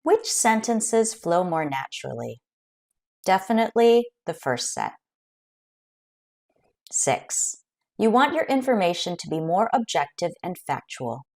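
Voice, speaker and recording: A woman teaching an English grammar lesson, explaining clearly and carefully with example sentences. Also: fairly low pitch, sing-song, measured pace, long pauses, a little mellow.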